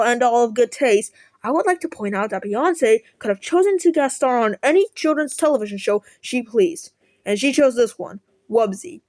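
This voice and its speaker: A woman's voice: on the high side, darkish tone, no echo. A young woman reading a snarky article aloud, sarcastic and profane, sometimes tripping over words. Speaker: content creator.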